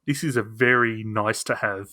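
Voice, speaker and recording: A man's voice: on the low side, steady tone, moderate pace, bright, forceful tone, dry recording, clean studio sound. A man co-hosting a podcast in casual chat, hedging with his opinions, often restarting and sometimes sarcastic. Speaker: podcast co-host.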